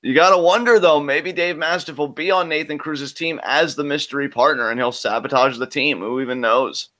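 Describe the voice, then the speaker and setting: A man in the middle of a live reaction, talking through what he sees in an analytical way and leaning on "I mean" as he builds his case. His voice is bright and carries a middle pitch. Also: fairly even intonation, moderate pace. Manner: analytical, talks through predictions with many "I mean"s. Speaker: co-host of a wrestling reaction show.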